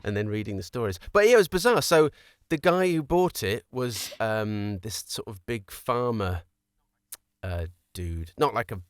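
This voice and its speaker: This podcast co-host rambles through a story in relaxed conversation, laughing often. His lowish voice is expressive at a normal speed, captured in clean studio sound without echo.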